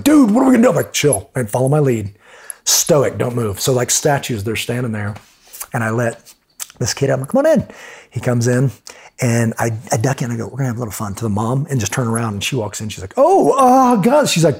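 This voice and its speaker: Gravelly, husky middle-aged man telling stories. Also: medium pitch. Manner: animated storyteller, frequent restarts. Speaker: guest, former Navy SEAL. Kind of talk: casual storytelling interview.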